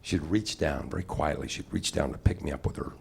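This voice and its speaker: A man's voice: rumbling low, a little fast, vocal fry. A middle-aged man doing a wry, rambling stand-up comedy set on a comedy club stage. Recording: noisy live club recording.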